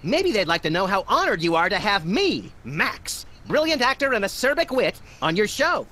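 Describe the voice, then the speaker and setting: An actor voicing a small, manic, egotistical rabbit in a cartoon game who boasts with deadpan wisecracks. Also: male voice, high-pitched, normal speed, heavily acted. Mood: smug.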